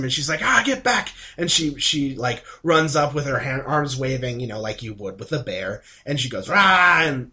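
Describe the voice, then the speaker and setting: A man co-hosting a podcast, recapping an episode in an excitable, gushing way and acting out the characters' lines. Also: mid-range voice. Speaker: podcast co-host. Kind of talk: casual podcast chat.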